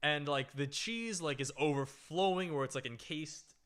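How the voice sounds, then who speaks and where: A man hosting a comedy podcast, telling a story in a loose, animated way with lots of "like" and "right?". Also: a little high, normal speed, clear, resonant tone. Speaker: podcast host.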